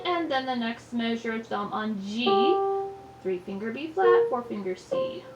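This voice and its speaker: A woman's voice: on the high side, lively intonation, a little slow, recorded from a distance. A woman giving a patient, step-by-step piano lesson, naming each finger and note in turn. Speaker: piano teacher. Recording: echoey room, mic set back, loud piano. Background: piano playing.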